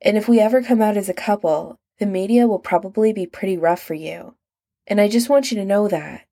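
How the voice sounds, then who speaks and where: A woman voicing a quiet, hesitant young man full of guilt, murmuring his lines. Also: mid-range voice, a little fast, no echo, clean studio sound, lightly acted. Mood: subdued.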